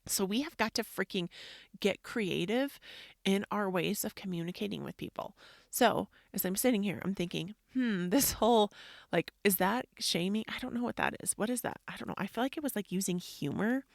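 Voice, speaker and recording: A woman's voice: mid-range voice, normal speed, creaky, no echo, studio quality. A woman in her thirties, a mother talking through her parenting struggles, chatty and reflective, filling her talk with "like" and acting out what people said. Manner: chatty, frequent "like", acts out quotes. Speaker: podcast host. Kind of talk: personal reflective monologue.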